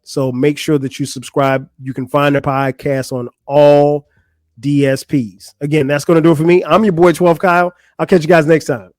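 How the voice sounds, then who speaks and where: Young guy podcaster ranting about a bad trip, animated, lotsa restarts, higher voice, dry close sound. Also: moderate pace, no echo. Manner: animated, exasperated, lots of restarts and slang. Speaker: podcast host. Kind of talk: casual storytelling monologue.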